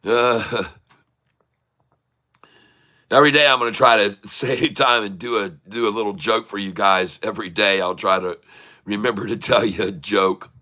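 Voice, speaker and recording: A man's voice: on the low side, steady tone, normal speed, pauses often, bright, forceful tone. Folksy man rambling on a live stream. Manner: rambling, folksy, laughs at his own jokes. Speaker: live day-trading streamer. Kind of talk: casual live-stream chat.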